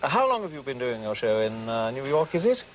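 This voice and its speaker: An actor putting on a gushing upper-class English gentleman with a posh accent, on an old TV broadcast. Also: mid-range voice, very animated, brisk, natural voice. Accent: upper-class English (put on). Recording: old TV broadcast with faint hiss.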